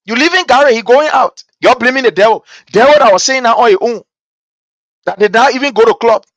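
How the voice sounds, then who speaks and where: A man from Liberia, speaking with a Liberian English accent in an extremely high, fairly bright voice, hosts a political talk show at a slightly fast clip. He gives impassioned commentary, repeats himself, poses rhetorical questions and asks "guess what," in a dry recording.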